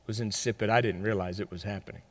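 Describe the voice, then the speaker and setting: A man preaching a sermon, telling stories with big swings between loud bursts and quiet, close talk. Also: on the low side, steady tone, rapid-fire. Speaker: pastor. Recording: long hall reverb.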